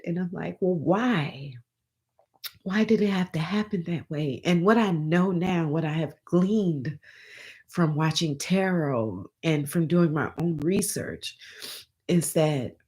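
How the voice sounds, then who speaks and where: A woman's voice: lowish voice, a little mellow. A woman vlogger telling a personal story in a rambling, emotional way, often restarting and calling her viewers y'all.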